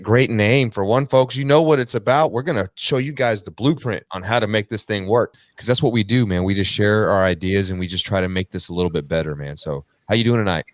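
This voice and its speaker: A man guesting on a podcast, talking in an energetic, motivational way. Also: lowish voice, no room sound. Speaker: podcast guest, car dealership worker. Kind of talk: casual interview chat.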